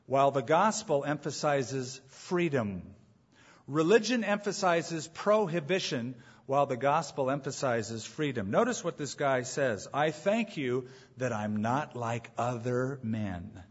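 A man's voice: a little high, slightly rough. A man preaching a sermon as pastor, emphatic, repeating his main points and asking rhetorical questions, on a dull lo-fi recording.

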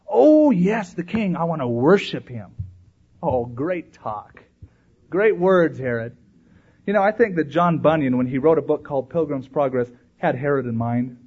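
A male pastor delivers a sermon with a lively, swinging delivery, slipping into little acted voices for the people he quotes. His voice sits a bit high for a man and has a husky edge. The recording sounds dull and lo-fi. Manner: animated, acts out voices in quotes.

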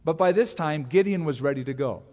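A man's voice: on the high side, brisk, big-room sound. A man pastor teaching a Bible sermon, telling the story with humor and acting out the quotes. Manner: animated storyteller who acts out quotes with humor.

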